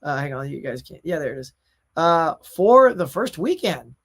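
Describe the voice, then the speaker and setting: A man's voice: a little high, very animated, normal speed, a bit bright. A middle-aged man hosting a casual pop culture show, chatting and reading viewer comments in a rambling way with fillers.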